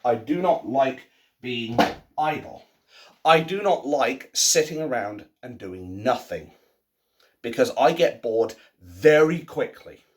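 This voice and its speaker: A man in his thirties talking at home in a casual ranting monologue, swinging between low muttering and loud outbursts. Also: lively intonation, slow pace. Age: 30s. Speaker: vlogger. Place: at home, by the sink.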